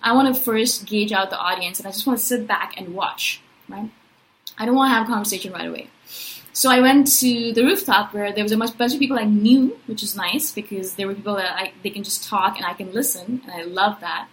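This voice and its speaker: A woman vlogger telling a personal story in a chatty, rambling way, reeling off quick lists and tagging "right?" and "you know" onto her sentences. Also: mid-range voice, slight background noise, low-quality recording. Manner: lists things in quick runs of questions; says "I'm like" and "I was like" before recounted thoughts. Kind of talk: casual storytelling monologue.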